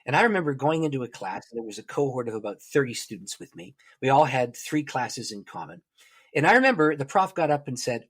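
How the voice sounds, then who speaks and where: A man's voice: medium pitch, animated, a little fast, husky. A man, a guest on a podcast, telling a personal story and acting out the dialogue. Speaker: guest author and prayer teacher.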